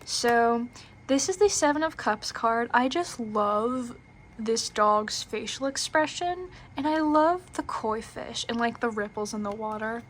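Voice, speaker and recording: A young woman chats her way through a tarot deck review, full of fillers and little giggles. Her voice sits a little high. A faint hiss runs underneath the recording. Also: lively intonation, unhurried. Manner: chatty, filler-heavy, giggly.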